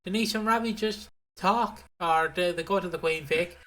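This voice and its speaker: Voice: mid-range voice, moderate pace, fairly bright tone. A co-host on a podcast, amused, retelling soap scenes with mocking bits. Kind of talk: casual chat recapping a soap.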